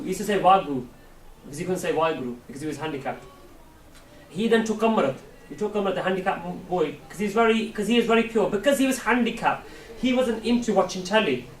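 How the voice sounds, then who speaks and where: Male preacher, high voice, animated storyteller, recorded from across an echoey hall. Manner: animated storyteller, asks audience questions, acts out voices. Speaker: Sikh preacher. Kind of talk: storytelling talk to youth camp. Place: large hall at a camp. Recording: echoey hall, mic far off, faint hiss.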